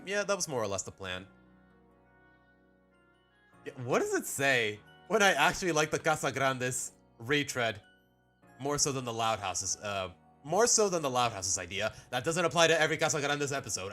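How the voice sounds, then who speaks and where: A man's voice: mid-range voice, pushed and bright. A man from Mexico, casually rambling through opinions on a live stream and often cutting himself off mid-sentence. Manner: rambling, self-interrupting, opinionated. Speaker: streamer ranking cartoon episodes.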